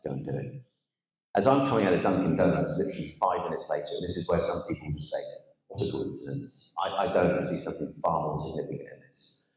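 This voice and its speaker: A man giving an animated spoken testimony as a guest speaker, now and then acting out the voices of others. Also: sits low, racing. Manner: animated storyteller, acts out quoted voices. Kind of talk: storytelling testimony on stage. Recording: echoey church hall.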